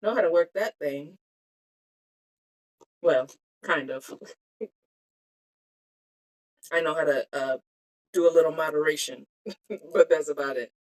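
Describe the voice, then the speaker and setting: A woman's voice: low voice, takes it slowly, long pauses. A woman chatting casually to her live-stream viewers while making bead earrings on her phone, giggling and trailing off as she talks to herself. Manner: giggly, self-talking, trails off mid-sentence. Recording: cellphone live-stream audio.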